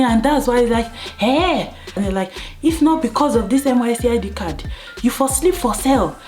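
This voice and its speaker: A woman's voice: moderate pace, soft background music. A young Nigerian woman with a Nigerian accent, casually telling a story on her vlog and acting out the voices of others. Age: young adult. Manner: animated, acts out police voices in higher pitch. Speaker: vlogger.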